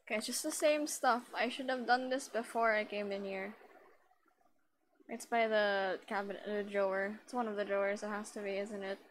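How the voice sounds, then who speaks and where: A woman's voice: medium pitch, fairly even intonation, moderate pace, slight background noise. A woman streaming a game live, chatting with viewers and reading the dialogue aloud in a playful, chatty way. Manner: chatty, playful, giggly asides.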